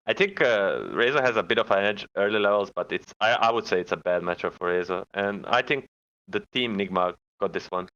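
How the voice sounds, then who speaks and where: A man's voice: lowish voice, fairly quick, fairly bright tone. A man giving pre-game esports analysis, hesitant and stumbling over repeated words, on a dull lo-fi connection. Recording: dull lo-fi audio.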